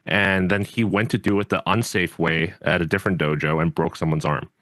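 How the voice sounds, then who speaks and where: A man's voice: low-pitched, fairly even intonation, brisk, fairly bright tone, no room sound. A man hosting a podcast, talking in an earnest, rambling way with many fillers and restarts. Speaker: podcast host and judo coach. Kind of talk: casual podcast chat.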